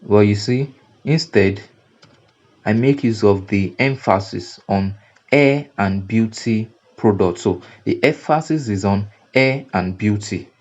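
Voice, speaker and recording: A man with a Nigerian accent walks through a design lesson, circling back to his points and repeating himself as he explains. His voice sits low and mellow, and the recording sounds dull and lo-fi. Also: slow pace. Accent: Nigerian English. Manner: repetitive, explanatory, frequent "now" and "you see". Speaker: graphic design instructor. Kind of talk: screen-recorded tutorial lecture.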